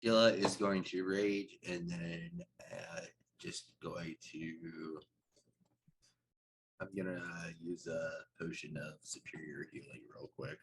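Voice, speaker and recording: A man playing in a tabletop game, talking in a relaxed, offhand way. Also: sits low, takes it slowly, a little hiss or hum, poor audio. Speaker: player. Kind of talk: casual tabletop play.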